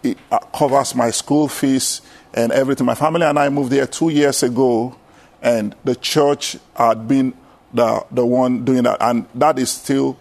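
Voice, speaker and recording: A Nigerian-accented pastor speaking at a church panel, pausing often and filling the gaps. His voice has a gravelly edge. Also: medium pitch, fairly even intonation, darkish tone. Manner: hesitant, with many fillers. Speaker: pastor and seminary student.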